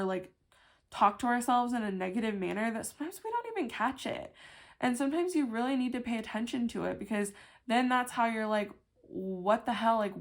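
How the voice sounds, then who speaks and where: Young woman doing a tarot card reading, lots of fry, talks emphatic and casual, says like a ton. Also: fairly high pitch. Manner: chatty and emphatic, heavy "like" fillers, casual swearing.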